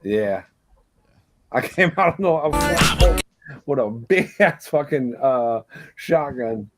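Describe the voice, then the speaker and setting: A man's voice: mid-range voice, lively intonation, slow, loud music behind the voice. A man appearing as a guest country rapper, telling stories in casual, profane podcast chat. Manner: loose, profane storytelling.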